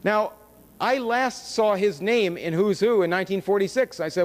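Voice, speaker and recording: A fairly high-voiced American man speaks at a conference with a casual, sardonic delivery and pointed rhetorical questions. His voice rings with the long reverb of a large hall. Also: normal speed. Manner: conversational and sardonic, with wry asides and rhetorical questions. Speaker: conference lecturer. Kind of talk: public lecture with slides.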